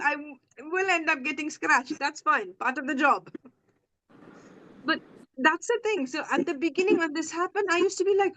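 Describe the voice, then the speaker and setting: A woman's voice: high-pitched, a bit bright, rough recording. A woman hosting a podcast as a coach, talking bluntly and acting out quoted dialogue in candid chat.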